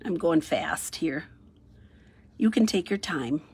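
A middle-aged woman talks through a stamping and coloring project in an easy, rambling way, narrating each step as she works. Her voice sits a little low and has a slightly husky edge. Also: lively intonation, slow pace, darkish tone. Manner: chatty, thinks aloud, sing-song "ta-da" while working. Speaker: craft demonstrator. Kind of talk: casual craft tutorial narration.

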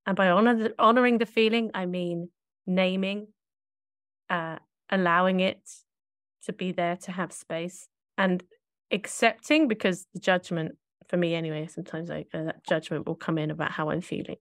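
A woman's voice: lowish voice, fairly even intonation, normal speed, a bit bright, dry recording, studio quality. A woman co-hosting a podcast, talking in a reflective, searching way and often correcting herself mid-thought. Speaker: podcast co-host.

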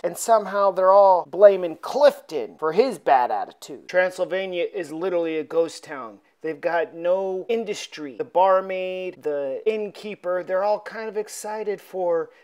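A woman's voice: on the low side, measured pace, few pauses, a little mellow. A woman hosting a casual, chatty recap of an old comic book for her viewers. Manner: chatty, addresses viewers as folks. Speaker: host.

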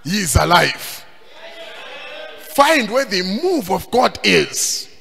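A man preaching a sermon, emphatic and sing-song, rising at times to shouts. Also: high voice, very animated, takes it slowly, creaky. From Zimbabwe. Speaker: pastor. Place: church hall. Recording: long hall reverb.

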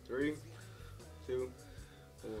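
A man's voice: medium pitch, steady tone, drawn-out words, over music. A young man bantering with friends during a spicy food challenge, joking and calling everyone bro. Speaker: guest.

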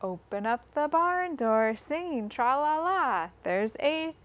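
Woman, children's librarian; fairly high, very animated voice; very slow, sing-song storytime delivery. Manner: invites children to join in.

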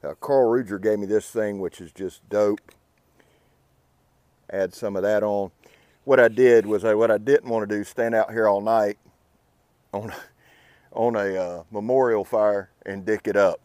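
Earnest man talking softly by a campfire. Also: lowish voice, fairly even intonation, measured pace, long pauses, no room sound. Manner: earnest, heartfelt, laid-back. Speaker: outdoor channel host. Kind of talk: casual talk to camera by a fire. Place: outdoors at a campfire.

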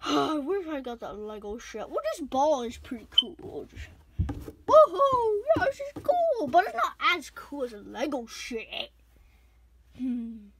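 A woman play-acting a plush-toy scene. She talks in an excitable, exclamatory way and often squeals or bursts into giggles. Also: fairly high pitch, unhurried, heavy background noise. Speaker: toy video creator voicing plush characters.

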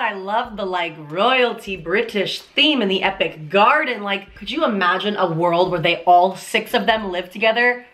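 A young woman gushing excitedly while reacting to a music video on her channel, with the video's music playing behind her. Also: medium pitch, unhurried, few pauses. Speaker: YouTube reaction host.

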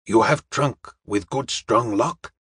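A man's voice: mid-range voice, fairly bright tone, breathy edge, no room sound, studio quality, heavily acted. A man voicing a courteous middle-aged male detective who speaks formally and evenly. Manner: polite, formal, measured.

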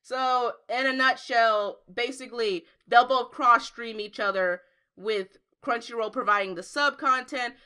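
A woman's voice: a little high, measured pace, pushed and bright, clean tone. A woman hosting a podcast, chatting casually and reading out news. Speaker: podcast host.

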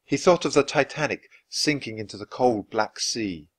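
A man reading a children's book aloud, with expressive, lively narration. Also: mid-range voice, moderate pace, slightly rough, no echo. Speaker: storyteller.

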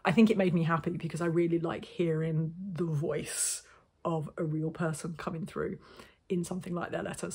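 A woman with a low, slightly husky voice talks casually to camera about her reading. She rambles a little, restarts her sentences and drops in self-deprecating asides. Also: flat delivery, normal speed, darkish tone. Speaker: book vlogger. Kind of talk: casual book chat to camera.

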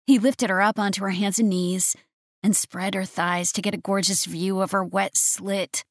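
A woman narrating a romance audiobook in a steady, even reading voice. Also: mid-range voice, normal speed, no room sound, studio quality.

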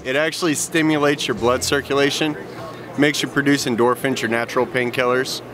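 A male exhibitor explains a gadget plainly and matter-of-factly at an expo stand. Clear music plays behind him. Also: mid-range voice, steady tone, brisk. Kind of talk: product explanation. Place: busy travel expo hall.

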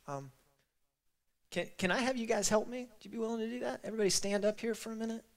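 A man's voice: high voice, fast. Emotional pastor rallying his congregation. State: stuffy nose from crying. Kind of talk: closing remarks at a church service. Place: church sanctuary.

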